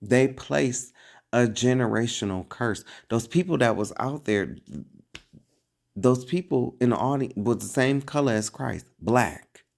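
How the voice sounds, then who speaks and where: A man's voice: mid-range voice, unhurried, creaky, a little mellow. A man giving preachy, casual commentary as an online religious commentator, emphatic and full of rhetorical questions.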